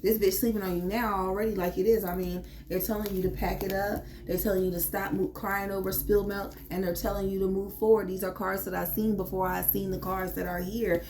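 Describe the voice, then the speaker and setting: A woman's voice: mid-range voice, little pitch movement, a little fast, few pauses, darkish tone, slight background noise. A woman giving a casual tarot reading in a blunt, emphatic way, swearing freely as she urges her listeners on. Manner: blunt and profane; emphatic, pep-talk delivery. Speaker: tarot reader.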